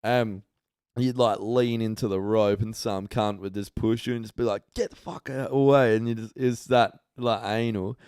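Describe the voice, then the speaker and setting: An Australian man telling animated, profanity-laced anecdotes on a casual podcast. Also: on the low side, moderate pace, smooth, dry recording, studio quality. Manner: swears a lot, animated anecdotes. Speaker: podcast host.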